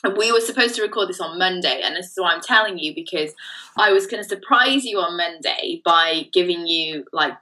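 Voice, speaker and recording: A woman's voice: lowish voice, brisk, sharp tone, recorded from a distance, rough recording. A woman from Wales co-hosting a podcast, chatting casually, laughing often and swearing now and then. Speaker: podcast co-host.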